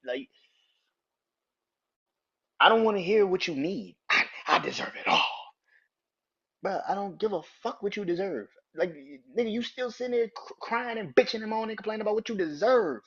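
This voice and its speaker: A man hosting a casual podcast, talking bluntly and profanely and breaking into loud, incredulous rants. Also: sits high, quick pace, hardly any pauses, slightly rough, muffled recording. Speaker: podcast host.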